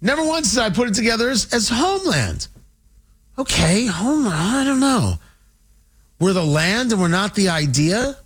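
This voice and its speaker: Animated, lively-pitched man ranting. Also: normal speed, breathy edge. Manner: animated, sarcastic, doing mocking voices of politicians. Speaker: political commentator. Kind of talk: opinionated political monologue.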